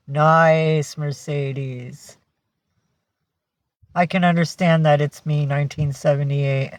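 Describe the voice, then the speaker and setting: A woman's voice: sits low, steady tone, takes it slowly, long pauses, no room sound. A woman chatting casually on a livestream, greeting and thanking viewers by name and cooing at her pets. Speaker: livestream host.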